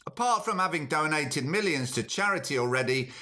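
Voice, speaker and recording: A man hosting a comedy podcast, his voice bright and a touch high. He chats drily, jokes as he reads, and breaks off his own sentences. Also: lively intonation, a little fast. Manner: dry, chatty, jokey, self-interrupting. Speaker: podcast host. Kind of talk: comic monologue and phone bit.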